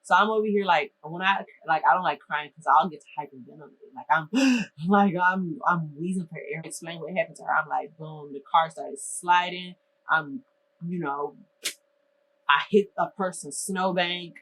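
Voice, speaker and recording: A young adult woman from Minnesota telling a storytime vlog in a lively, exasperated way, full of casual slang. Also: low-pitched, moderate pace, slight background noise, poor audio.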